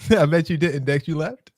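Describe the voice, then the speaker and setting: A man's voice: fairly high pitch, darkish tone, no echo, studio quality. A man hosting a casual podcast, joking and laughing often as he reacts to viral clips. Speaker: podcast host.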